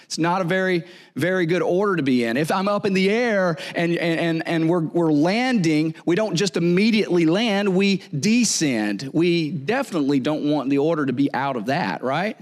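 Male pastor, higher voice, casual joking sermon delivery with repeats and asides. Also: lively intonation, moderate pace. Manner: conversational, jokey, repeats words and asks "right?".

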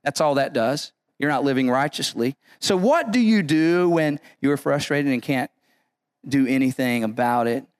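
A man's voice: mid-range voice, expressive, moderate pace, dry recording. A man preaching a sermon as pastor, emphatic and repetitive, often restarting his phrases.

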